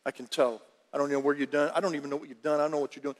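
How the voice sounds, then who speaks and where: A man voicing a kind older brother who gently reassures and welcomes his returning sibling. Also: a little high, little pitch movement, racing, in a large hall, voice pushed down, lightly acted. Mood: tender.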